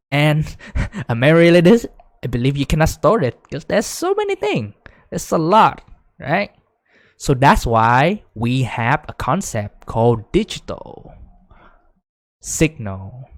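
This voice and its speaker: A man giving a casual whiteboard lecture, full of fillers like "right?", growing excited as he explains. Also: mid-range voice, no room sound, clean studio sound. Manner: chatty, many fillers, rising excitement when explaining. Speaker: teacher.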